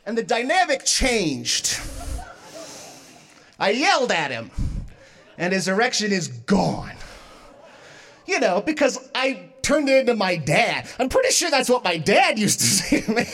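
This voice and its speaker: Woman doing stand-up, super animated, voice jumps all over, laughs at her own bits, yells the punchlines. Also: mid-range voice, measured pace, long pauses. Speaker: stand-up comedian. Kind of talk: stand-up storytelling.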